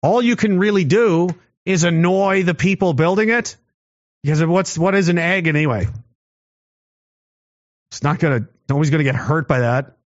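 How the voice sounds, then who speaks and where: A man hosting his own show, delivering a sarcastic, combative monologue to camera, swinging from low muttering to raised challenges. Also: moderate pace, long pauses, dry recording, muffled recording. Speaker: commentary show host.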